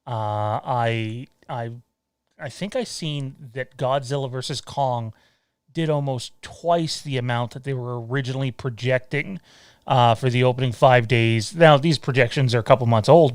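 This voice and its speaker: A man's voice: mid-range voice, moderate pace, clear, resonant tone, dry recording, clean studio sound. A man from Canada co-hosting a podcast in casual chat, hesitant with lots of fillers and blunt, swearing remarks. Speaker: podcast co-host.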